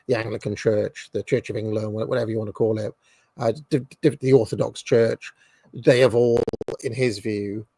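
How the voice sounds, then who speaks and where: A man's voice: on the low side, vocal fry, a little mellow, slightly rough, no echo. A man hosting a livestream podcast, chatting in a rambling way with many restarts. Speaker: podcast host. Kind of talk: casual livestream chat.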